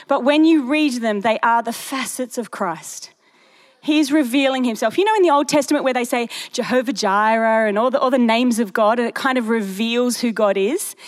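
A young woman preaching a sermon in a chatty storytelling way with animated asides. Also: on the high side.

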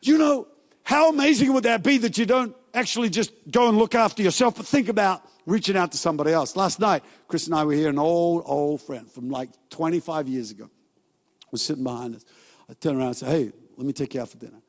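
A male pastor giving a sermon in a church, telling stories in a casual, joking way with quick asides. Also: a little high. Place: large church hall. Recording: long reverb from a church hall.

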